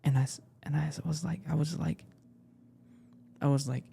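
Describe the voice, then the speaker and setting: A young man retelling a personal story in an emotional, halting way, repeating himself often. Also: a little high, fairly even intonation, vocal fry, warm tone, slight background noise. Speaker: casting participant.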